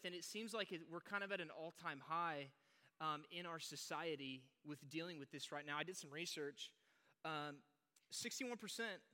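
A man's voice: fairly high pitch, bright, forceful tone, clear, resonant tone. A man youth pastor, giving a chatty, joking sermon full of fillers and restarts to a live audience. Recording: long hall reverb.

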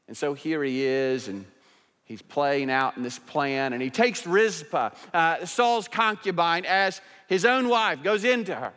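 A man preaching a sermon as pastor, emphatic, swinging between rising intensity and quiet asides. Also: mid-range voice, measured pace, big-room sound.

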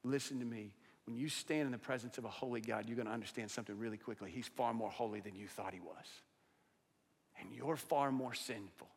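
A male pastor preaching a sermon to a congregation, swinging between loud declarations and hushed, intense asides. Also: medium pitch, a little fast, slightly rough. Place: church sanctuary with a congregation. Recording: long hall reverb.

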